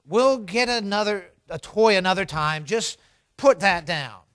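A man's voice: high voice, measured pace, no room sound, clean studio sound. Man playing a patient young father. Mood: coaxing. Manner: calm, coaxing, firm.

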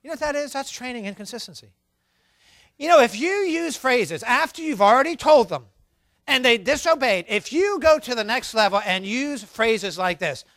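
High-voiced man preaching with comic bite. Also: moderate pace, no echo. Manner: animated, acts out scolding parents for laughs. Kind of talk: humorous sermon.

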